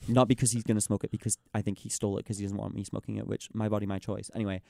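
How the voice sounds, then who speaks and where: A young man in casual chat, ranting in an exasperated, animated way and mimicking the people he quotes. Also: lowish voice, rapid-fire, creaky, no echo, studio quality. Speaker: podcast host.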